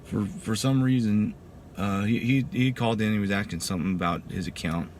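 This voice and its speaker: A man in his thirties who served in the military tells his story as a testimony, sounding casual and emphatic and using "dude" often; he's from Texas. He talks a little fast, with a lowish voice and a darkish tone. There's a little hiss or hum.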